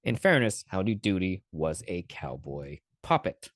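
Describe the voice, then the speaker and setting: Deep-voiced and very animated, a podcast host talks a little slowly as he reacts to clips he plays, offering sarcastic commentary full of swearing. The recording is dry, with clean studio sound.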